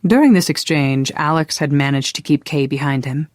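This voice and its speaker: Dry, even audiobook narration. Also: medium pitch, moderate pace, few pauses, no room sound. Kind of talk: scripted narration.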